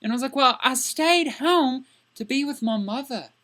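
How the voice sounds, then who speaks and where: A woman's voice: high voice, lively intonation, moderate pace, fairly bright tone. A woman playing a crude, indignant young man who rants exasperatedly in a comedic character vlog.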